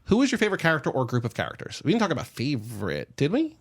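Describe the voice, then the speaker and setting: Fast-talking man co-hosting a book podcast. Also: fairly high pitch, huge pitch swings, husky. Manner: fast, chatty, reads listener questions aloud. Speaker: podcast co-host. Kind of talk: casual book discussion.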